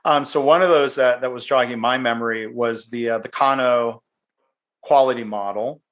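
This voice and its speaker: A man's voice: mid-range voice, fairly even intonation, moderate pace, a bit bright. Chatty middle-aged man hosting a podcast. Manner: chatty, restarts words, laughs easily. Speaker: podcast host. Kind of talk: conversational interview.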